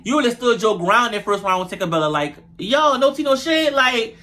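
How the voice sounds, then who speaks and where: A young man, reviewing a reality show episode in animated, profane, gossipy casual chat. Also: very high-pitched, moderate pace, few pauses. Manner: animated, profane, gossipy, addresses viewers as y'all.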